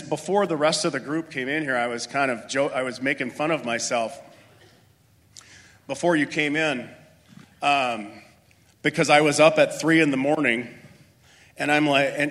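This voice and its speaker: A man's voice: on the high side, a bit bright. Brief: a male speaker telling a personal story to a room, loose and self-deprecating, echo hanging in a big space. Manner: casual, rambling, many fillers, self-deprecating. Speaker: speaker addressing a group. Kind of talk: motivational talk with personal story. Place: meeting room with an audience.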